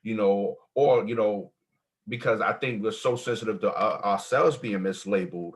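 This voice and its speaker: Man, somewhat low voice, casual panel talk, rambling fillers. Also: normal speed. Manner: conversational, loose with many "like" fillers.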